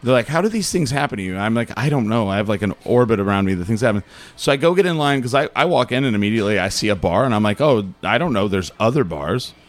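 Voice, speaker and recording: A man from Albuquerque tells a long story as a podcast guest in casual chat. His voice sits on the low side, and he keeps acting out the quotes in between plenty of fillers. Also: fast. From Albuquerque, New Mexico.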